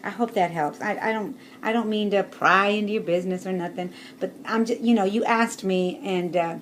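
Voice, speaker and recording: A woman's voice: medium pitch, normal speed, slight background noise. A woman chatting casually to her camera as a vlogger, showing things with bowls and laughing often.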